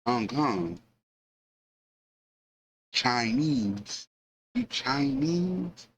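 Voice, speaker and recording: A man voicing a menacing armed soldier who questions strangers in a taunting, drawn-out way. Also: medium pitch, huge pitch swings, gravelly, slight background noise, pitched above the performer's own voice, full character voice.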